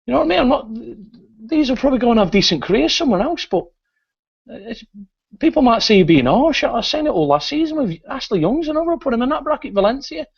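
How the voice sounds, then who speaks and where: Mancunian male fan, high and animated, blunt and sweary; muffled lo-fi audio. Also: quick pace, vocal fry, husky. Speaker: fan show regular. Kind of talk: heated fan rant.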